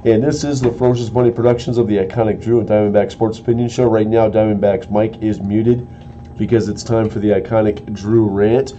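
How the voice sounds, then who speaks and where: A man's voice: fairly low pitch, mellow, lo-fi sound, a little hiss or hum. A man hosting a live-streamed sports opinion show, ranting with heated, exasperated outbursts and mild cursing.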